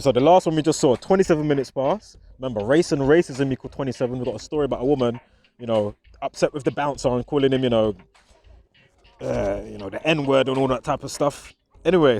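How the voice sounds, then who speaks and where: A man's voice: mid-range voice, warm tone. Chuckling man rambling outdoors. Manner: chuckling often, chatty with restarts. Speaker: vlogger. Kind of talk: casual commentary to camera. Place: outdoors in a park.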